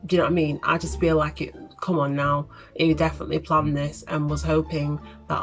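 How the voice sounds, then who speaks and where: A woman's voice: sits low, level tone, a little fast, vocal fry, hardly any pauses, faint music behind. A young woman telling a storytime vlog in a chatty, exasperated way. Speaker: vlogger.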